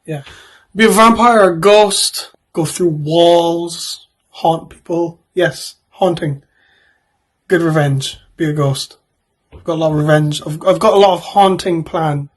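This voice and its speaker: Man, 20s, husky voice, fairly high pitch, casual vlog, rambling jokey answers. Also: fairly even intonation, measured pace. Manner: rambling, joking answers with offhand asides. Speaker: YouTuber. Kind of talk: casual vlog answering would-you-rather questions.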